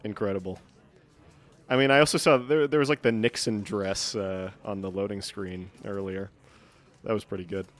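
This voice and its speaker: A man's voice: fairly low pitch, steady tone, moderate pace. A man streaming a game, giving casual commentary in a sarcastic, joking way.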